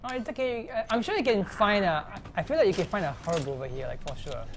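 A woman's voice: medium pitch, lively intonation, fast talker, slight background noise. A woman hosting a gameplay stream, chatting and joking with many fillers. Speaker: gameplay host. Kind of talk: casual gameplay commentary.

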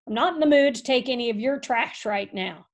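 A proud male ranch dog, gruff and quick to bristle, as a woman puts him on. He speaks curtly and defensively, in a storybook reading with a slightly high voice. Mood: irritated.

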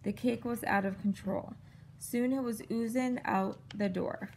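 A woman's voice: a little high, steady tone, measured pace, a little mellow, a little hiss or hum, rough recording. Woman reading a picture book aloud. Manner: clear, patient storytelling delivery. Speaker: parent reading to a child. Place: at home.

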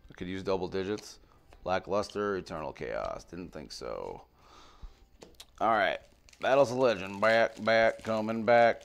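Male vlogger, low and gravelly, casual pack-opening chatter, mutters card names, swears freely. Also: a little hiss or hum. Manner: rattles off card names, swings between muttering and excited outbursts, swears freely. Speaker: card pack opener on a video channel.

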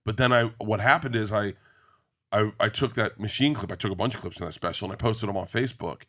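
A middle-aged man, a guest comedian, telling animated stories in a casual interview and acting out the people he quotes. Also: on the low side, fast. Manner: animated storyteller, acts out quoted voices.

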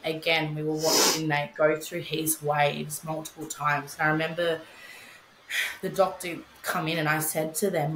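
A woman's voice: sits low, roomy sound, slight background noise, rough recording. A young woman telling her story in casual podcast chat, candid, swearing freely, with many fillers. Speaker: podcast guest, bereaved mother.

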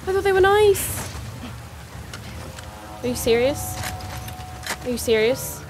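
Woman gamer, high voice, unhurried pace, panicky swearing reactions, loud game music behind. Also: lively intonation, rough recording. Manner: panicky, exclaiming and swearing often. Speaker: gamer playing a horror game. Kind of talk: live gameplay commentary. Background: loud game music and sounds.

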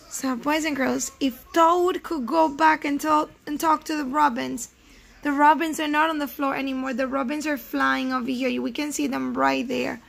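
A woman teaching first graders a reading lesson, asking questions gently and switching into Spanish now and then. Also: high-pitched, creaky. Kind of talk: remote reading lesson for children.

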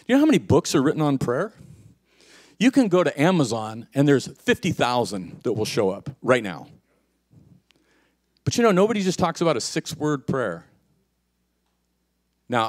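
A middle-aged male pastor preaching a sermon, telling stories in casual slang and swinging from hushed to loud. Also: mid-range voice, sing-song, normal speed, pauses often. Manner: casual slang, says "man" often.

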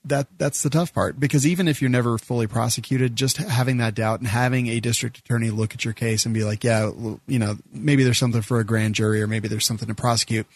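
A man's voice: medium pitch, fairly even intonation, quick pace, few pauses, no echo, studio quality. A man hosting a podcast, chatty and joking at his own expense as he asks questions and tells stories. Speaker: podcast host. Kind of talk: casual podcast chat.

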